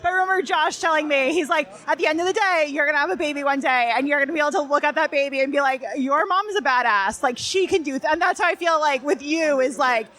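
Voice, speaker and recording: Woman interviewer from New Jersey, high and bright, upbeat and chatty. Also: quick pace, few pauses. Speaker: podcast interviewer. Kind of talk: casual interview chat.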